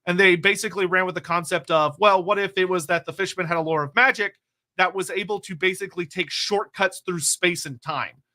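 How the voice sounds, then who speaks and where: A man's voice: high-pitched, steady tone, a little fast, bright, forceful tone. A man hosting a casual stream, reading out viewer questions in a loose, rambling way with casual swearing. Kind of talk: casual livestream chat.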